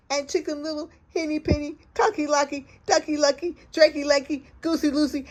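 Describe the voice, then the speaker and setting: A woman hosting storytime, reading a children's picture book aloud in an expressive, gentle and encouraging way. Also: fairly high pitch. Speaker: storyteller host.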